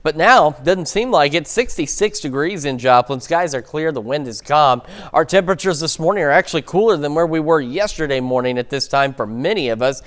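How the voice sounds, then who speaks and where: A man's voice: on the high side, lively intonation, fairly quick, few pauses. A man anchoring a local morning newscast and giving the weather forecast, chatty and upbeat, with the odd stumble.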